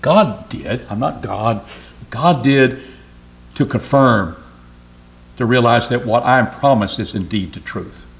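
A man's voice: medium pitch, slow pace, gravelly, long pauses. A man preaching a sermon in an earnest, emphatic way, often repeating phrases.

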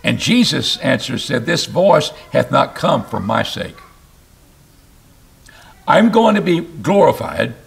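A man preaching an expository sermon, reading scripture aloud and explaining it, with emphatic rises and sudden low drops. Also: slow pace, gravelly, long pauses. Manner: animated, rising to emphatic bursts and dropping low.

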